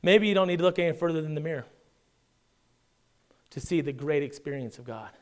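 A male pastor with a fairly high voice delivers a sermon in a conversational way. He keeps asking his listeners to agree, then drops his voice to a hush before rising again. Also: brisk. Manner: dramatic swings from loud emphasis to hushed near-whisper; conversational, asks the congregation "right?".

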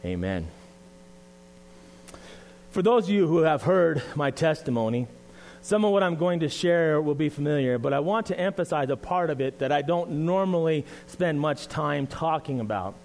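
Male preacher, high voice, earnest and conversational, sermon in church. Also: expressive, normal speed, creaky, a little mellow, a little hiss or hum. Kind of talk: sermon with scripture reading and prayer.

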